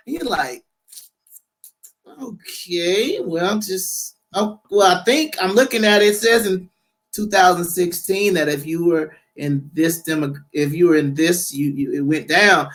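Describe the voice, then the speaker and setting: A man's voice: high-pitched, a little slow. A man co-hosting a podcast, chatting casually about politics, acting out the voices of people in his story. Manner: animated storyteller, acts out quoted voices. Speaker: podcast co-host.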